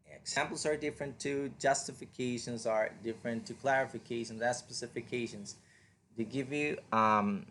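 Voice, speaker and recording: A man's voice: mid-range voice, a bit bright, slight background noise. A man whose first language is Spanish, teaching an online English reading lesson in a patient, explanatory way and asking the listener questions. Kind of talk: online lecture.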